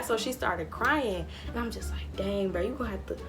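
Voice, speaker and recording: A young woman vlogger telling a storytime in a casual, animated way, full of slang and acted-out dialogue. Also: medium pitch, moderate pace, hardly any pauses, soft background music.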